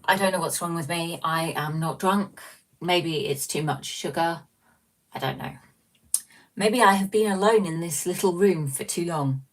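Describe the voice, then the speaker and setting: Woman, low voice, slightly distant mic, small room, chatty self-mocking livestream host. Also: unhurried. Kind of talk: casual livestream chat reading viewer comments.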